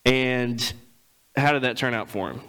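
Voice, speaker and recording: A man preaching a sermon, reading scripture and retelling it in casual everyday speech, clearing his throat often. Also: medium pitch, unhurried, fairly bright tone, low-quality recording.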